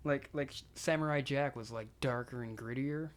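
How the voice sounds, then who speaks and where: A man's voice: mid-range voice, normal speed. A young man co-hosting a podcast, talking in a laid-back, rambling way with lots of filler words and casual swearing. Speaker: podcast co-host. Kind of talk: casual chat.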